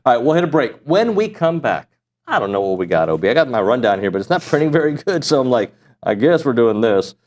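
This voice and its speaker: Male sports radio host, fast, joking, runs the show. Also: medium pitch, very animated, darkish tone. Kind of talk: casual radio sports chat.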